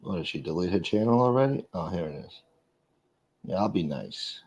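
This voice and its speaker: A man's voice: low voice, expressive, moderate pace, a little mellow, breathy edge. A man hosting his own livestream, talking casually in a defensive, profane rant aimed at his critics. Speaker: livestream host. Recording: dull lo-fi stream audio.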